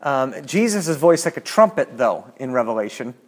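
A man's voice: mid-range voice, very animated, normal speed. Thoughtful man teaching a Bible study. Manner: thoughtful, reads scripture aloud, frequent restarts.

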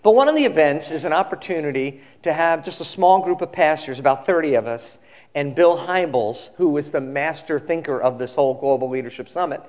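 A male pastor giving a sermon, telling a story in a relaxed conversational way and acting out the quoted people. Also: fairly high pitch, fairly quick.

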